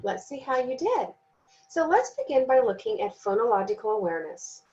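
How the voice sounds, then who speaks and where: A woman giving a recorded training lesson, speaking slowly and deliberately and sounding out words syllable by syllable. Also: a little high, expressive, a little mellow, highs cut off. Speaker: teacher trainer.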